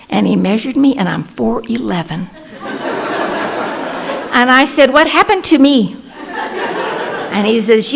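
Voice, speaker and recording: A woman in her sixties from Texas with a Texan accent, sharing her recovery story at a support meeting in a lively storytelling manner, acting out the people she quotes. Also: on the high side, gravelly, noisy background. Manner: warm storytelling, animated when quoting others. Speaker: Al-Anon speaker. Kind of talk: personal recovery talk. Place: meeting room.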